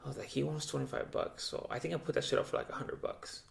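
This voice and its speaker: A young man with a gravelly voice tells stories in a loose, casual podcast chat. He swears freely and acts out the people in his stories by jumping his pitch up and down. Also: quick pace. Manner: loose and profane, acts out quoted voices with big pitch jumps. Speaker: podcast co-host.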